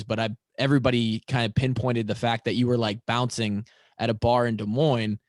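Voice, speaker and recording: A man's voice: mid-range voice, no echo, studio quality. A man hosting a casual podcast, asking long, chatty, hyped-up questions. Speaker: podcast host.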